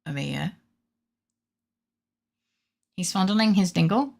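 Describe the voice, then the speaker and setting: A woman's voice: on the low side, slow, vocal fry, a little mellow. A woman streaming a game while sick with a fever, chatting playfully with her viewers and swearing freely. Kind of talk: casual let's-play commentary.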